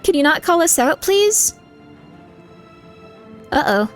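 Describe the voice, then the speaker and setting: High-voiced woman chatting with her stream. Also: very animated, slow pace, soft background music. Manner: rambling, candid advice full of "like", reacting to chat. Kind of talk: casual chat with viewers during a live game stream.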